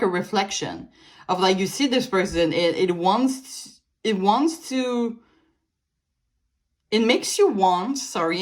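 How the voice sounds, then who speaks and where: Woman reading tarot cards. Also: medium pitch. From Canada. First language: French. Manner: meandering, many fillers and restarts, light laughs. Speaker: tarot reader. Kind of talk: casual pick-a-card tarot reading.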